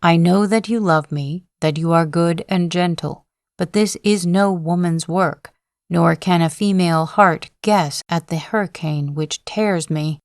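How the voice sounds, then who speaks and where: In a clean, dry studio recording, a woman with a lowish voice reads the lines of a proud, vehement male general for a sleep-story audiobook. Her delivery is declamatory and impassioned, yet kept to a slow, even reading pace.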